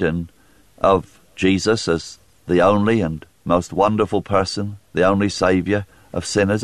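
A man's voice: lowish voice, no room sound. A man preaching a sermon, earnest and pleading as he appeals to the listener.

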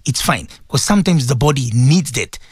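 A man hosting a live morning radio show, talking casually and directly to his listeners in an animated way. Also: medium pitch, moderate pace, slightly rough, no room sound, studio quality. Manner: animated, addresses listeners directly, sprinkles Arabic phrases. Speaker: radio presenter. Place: radio studio.

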